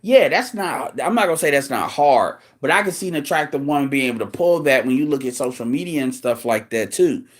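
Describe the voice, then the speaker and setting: A man's voice: mid-range voice, expressive, a little fast, hardly any pauses. A man hosting a show, delivering a blunt, profane, incredulous rant in casual talk.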